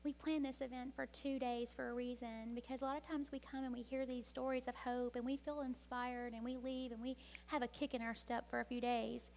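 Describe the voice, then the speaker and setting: A woman speaking from a stage at a women's event, telling a parable with dramatic pacing and hushed whispers, then urging listeners to change. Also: on the high side, little pitch movement, fairly quick, hardly any pauses, slight background noise. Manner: dramatic storytelling, dropping to hushed whispers for tender moments. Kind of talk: inspirational talk with storytelling.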